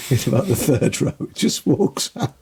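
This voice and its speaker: A man on a casual podcast, telling animated stories and acting out the people in them, with a free hand for swearing. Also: mid-range voice, a little slow, creaky, a little hiss or hum. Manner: animated storyteller who acts out the people in his stories, swears freely. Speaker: guest comedian and musician.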